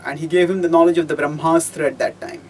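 A man giving a storytelling lecture on scripture, measured and explanatory, pausing often and rephrasing as he goes. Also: fairly high pitch, steady tone, slight background noise, rough recording. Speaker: teacher of scripture.

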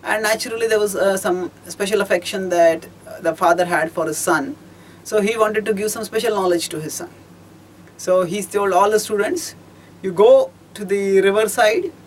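A man giving a storytelling lecture on scripture, measured and explanatory, pausing often and rephrasing as he goes. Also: sits high, slight background noise, rough recording. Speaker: teacher of scripture.

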